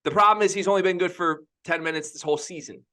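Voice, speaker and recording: Bright, emphatic sports podcast host. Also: male voice, sits high, quick pace. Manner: opinionated, emphatic, repeats himself. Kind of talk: casual sports podcast chat.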